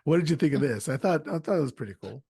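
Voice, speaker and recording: A man hosting a podcast, casually retelling a movie plot and tossing in quick acted quotes. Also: on the high side, lively intonation, warm tone, slightly rough, no room sound, clean studio sound. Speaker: podcast host. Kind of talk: casual movie recap chat.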